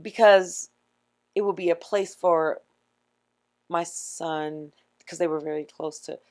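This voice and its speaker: Animated DC-accented woman telling stories. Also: fairly low pitch, slow pace. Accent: Washington DC. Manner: animated storyteller, acts out quotes. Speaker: podcast co-host. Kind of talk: casual chat.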